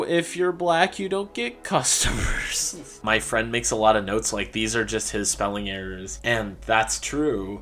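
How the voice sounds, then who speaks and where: A man's voice: medium pitch, a bit bright. A man giving casual, wry commentary, often laughing and slipping into mock voices. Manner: wry, laughing, jumps between silly voices. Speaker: video commentator.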